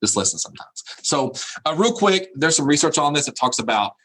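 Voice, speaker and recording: Middle-aged man, keynote speaker. Husky, lively delivery, a bit high. Laughs at his own jokes and repeats words for punch. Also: fairly quick, poor audio. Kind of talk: humorous keynote speech.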